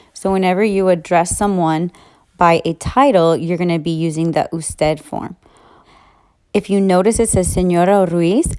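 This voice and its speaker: A woman's voice: fairly low pitch, a little mellow. A woman teaching Spanish grammar in a recorded lesson, patiently walking through each rule one step at a time.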